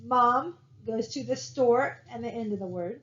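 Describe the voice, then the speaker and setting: Speaking a little slowly in a slightly bright voice on the high side, this woman gives a relaxed, conversational college lecture. Frequent fillers and "right?" tag questions fill the dull, lo-fi recording.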